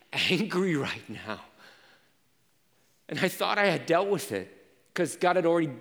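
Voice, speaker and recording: A man preaching a sermon as pastor, telling personal stories and moving from quiet reflection to intense emphasis. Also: on the high side, long reverb tail.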